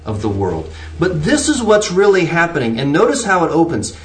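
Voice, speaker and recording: A man's voice: fairly high pitch, very animated, normal speed. A man preaching an earnest sermon, pressing his points with shifting emphasis and frequent restarts. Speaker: pastor. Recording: roomy, distant from the mic.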